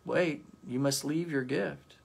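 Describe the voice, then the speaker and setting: A man voicing a calm, stern angel who speaks quietly and firmly. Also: medium pitch, takes it slowly, gravelly, slightly rough, full character voice. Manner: quiet, firm.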